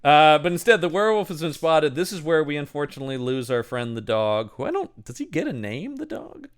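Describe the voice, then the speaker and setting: A man co-hosting a podcast in an animated, joking movie chat. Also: on the high side, clean tone. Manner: animated, quick to laugh and act out quotes. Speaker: podcast co-host. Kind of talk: casual movie-discussion chat.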